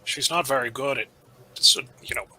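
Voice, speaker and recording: A man's voice: mid-range voice, moderate pace, pushed and bright, low-quality recording. A man chatting casually as a player at a tabletop game, with wry joking remarks.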